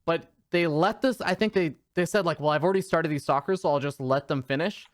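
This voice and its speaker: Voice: medium pitch, brisk, no echo, studio quality. A caster giving live play-by-play and analysis of a strategy game match, talking through their thinking with frequent hedges. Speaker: esports caster.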